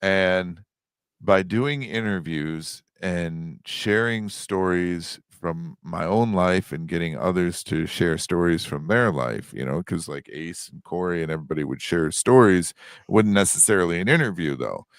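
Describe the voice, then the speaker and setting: A man's voice: low-pitched, unhurried, clear, resonant tone, no echo, clean studio sound. A man as a podcast guest, talking in a reflective way with casual swearing. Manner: reflective, salty, profane. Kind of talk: casual interview.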